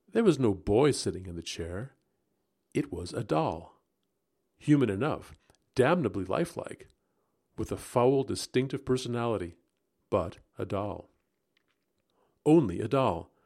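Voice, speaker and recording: A man narrating a gothic story aloud in the first person, expressive and rising into agitation at tense moments. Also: mid-range voice, vocal fry. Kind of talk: dramatic audiobook narration.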